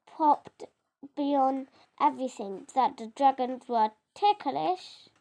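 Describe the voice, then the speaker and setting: A child reading a picture book aloud, halting and often stumbling over words and correcting itself. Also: high voice, gravelly, warm tone. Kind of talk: storybook reading.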